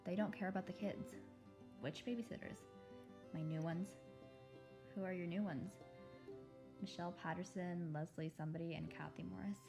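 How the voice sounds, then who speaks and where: A woman voicing a shy, hurt little girl who talks quietly and sulkily in a storybook reading. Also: lowish voice, fairly even intonation, creaky, music in the background. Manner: quiet, slow, sulky.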